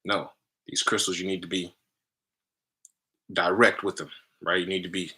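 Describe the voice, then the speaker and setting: A man's voice: low voice, normal speed, poor audio. A man hosting a spiritual healing live stream, teaching casually in loose fragments and tagging lines with "right?". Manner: energetic, emphatic.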